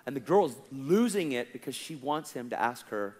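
A man preaching a testimony in an animated, casual way, full of slang and acted-out dialogue. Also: mid-range voice, normal speed. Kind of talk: sermon testimony storytelling. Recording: long hall reverb, faint music.

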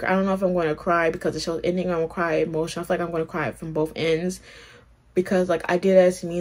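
A young woman hosting a reaction channel, talking in a rambling, excitable way with plenty of swearing and fillers. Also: on the low side. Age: young adult. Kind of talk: casual reaction commentary.

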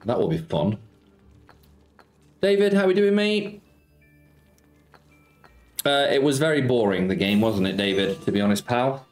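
A chatty man hosts a live slots stream, calling out viewers' names and bantering about football. His voice sits at an ordinary, mid-range pitch for a man. Soft music plays faintly underneath. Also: lively intonation, a little slow, pauses often. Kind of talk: casual live-stream chat.

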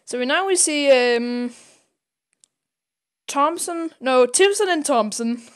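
This podcast co-host, a woman, recounts a comic story casually, full of fillers and bits of voice-acting for the characters. She speaks slowly in a high voice with lively intonation.

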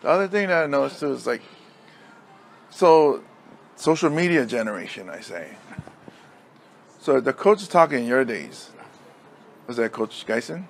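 Speaking in a medium-pitched, sing-song voice with vocal fry and long pauses, a middle-aged Hawaiian man talks at normal speed over slight background noise. He co-hosts a podcast and coaches high school football. In relaxed chat he rambles, laughs often, and acts out loud, exasperated lines from his coaching stories.

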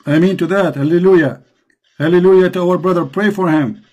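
A man with an Arabic accent preaches to a caller, pressing his points again and again with fervour. His voice sits a little high for a man. He hosts the show and speaks straight to the listener. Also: a little fast, a little mellow, lo-fi sound. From Middle East. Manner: impassioned, repetitive preaching. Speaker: host.

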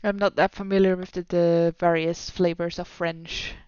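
A woman's voice: fairly low pitch, level tone, moderate pace, a little mellow, clean tone, no room sound. A woman from Switzerland with a Swiss accent, chatting and explaining with restarts in a voice chat. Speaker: voice chat participant. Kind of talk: casual voice chat. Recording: dry, slightly dull voice chat mic.

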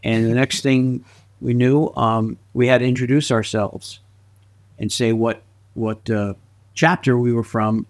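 A man telling stories as a guest in a relaxed interview, his pitch sitting in the middle range. He is a lively, animated storyteller who laughs easily and slips into little voices along the way. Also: unhurried. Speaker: guest actor and filmmaker.

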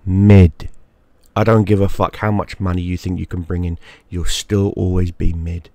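A man's voice: sits low, level tone, normal speed, a little mellow, dry recording. A man giving a crude, mocking rant straight to the camera, often repeating himself for emphasis. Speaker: YouTube gaming creator. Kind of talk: profane ranting monologue.

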